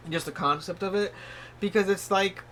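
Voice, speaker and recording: A man with a somewhat high voice gives a casual tarot reading, rambling in an encouraging way. He fills his talk with "like" and "you know" and jumps into excited, squeaky bursts of surprise. A faint hiss sits under his voice. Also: moderate pace. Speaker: tarot reader.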